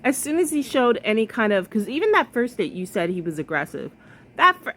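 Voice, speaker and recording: A woman's voice: a little high, big pitch swings, fairly quick, pushed and bright. A woman hosting a reaction video, giving blunt, sassy commentary, swearing freely and laughing often. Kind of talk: casual commentary.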